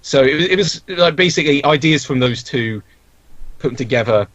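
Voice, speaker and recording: Medium in pitch, a bit bright and slightly fast, this young man's expressive voice has no echo. He's a video creator on a podcast, talking casually and rambling with frequent restarts and fillers, recorded through a dull, dry lo-fi mic.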